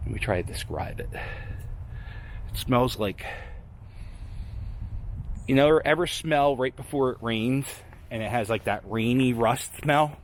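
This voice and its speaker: This man's mid-range voice moves slowly, with frequent pauses, as he chats to his dog during a walk along a snowy, deserted waterfront. He's a vlogger of abandoned sites giving casual commentary on a handheld camera, and outdoor noise is audible.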